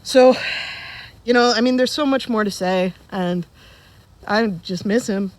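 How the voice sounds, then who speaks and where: A woman in her forties giving a eulogy for her father at a funeral service, telling funny stories in a relaxed, conversational way to the people gathered. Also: mid-range voice, unhurried, no echo. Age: 40s. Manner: conversational, humorous storytelling. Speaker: eulogist, daughter of the deceased.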